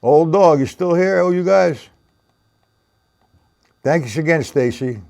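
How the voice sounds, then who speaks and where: This drum teacher's live-streamed lesson has him calling viewers by name while answering chat and counting rhythms aloud as he demonstrates. His voice is on the high side, expressive, creaky, and a little mellow, and he speaks slowly.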